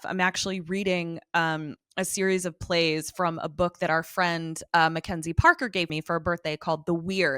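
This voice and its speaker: A woman's voice: on the low side, sharp tone, dry recording, clean studio sound. A woman co-hosting a podcast, talking in a chatty, casual way with lots of fillers. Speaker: podcast co-host. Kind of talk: casual chat.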